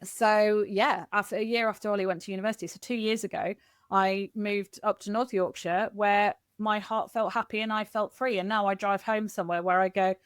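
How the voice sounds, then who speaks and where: A middle-aged woman from Kent, a guest in a candid podcast interview, telling stories in an animated, expressive way. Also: mid-range voice, brisk, clean tone, no echo, clean studio sound. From Kent, England.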